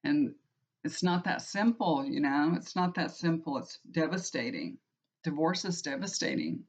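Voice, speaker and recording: A woman's voice: deep voice, very animated, normal speed. A woman, chatting to her viewers in a rambling, heartfelt way full of restarts. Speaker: tarot reader and channel host. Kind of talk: casual personal chat to viewers. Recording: muffled lo-fi recording.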